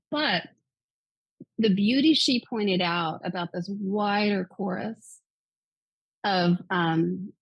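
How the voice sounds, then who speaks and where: A woman's voice: mid-range voice, breathy edge, dry recording, rough recording. A woman in her fifties, a guest author, earnestly retelling a personal story with quoted dialogue. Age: 50s.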